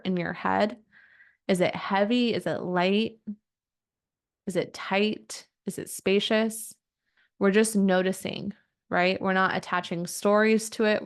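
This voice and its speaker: A woman in her thirties, a coach on a video call, slowly and gently guiding a group through a somatic meditation. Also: medium pitch, clean tone. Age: 30s. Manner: gentle, slow, inviting guidance.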